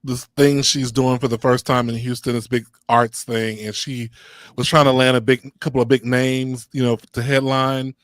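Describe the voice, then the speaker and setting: A man's voice: medium pitch, level tone, normal speed, no room sound, studio quality. A man hosting a casual live chat, telling stories in a rambling, laid-back way. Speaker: host.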